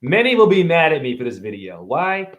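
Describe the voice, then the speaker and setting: Man, rambling live stream, rhyming wordplay, fairly high voice, erratic leaps in pitch. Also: very animated, a little fast, lo-fi sound, slight background noise. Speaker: self-styled spiritual teacher streaming live.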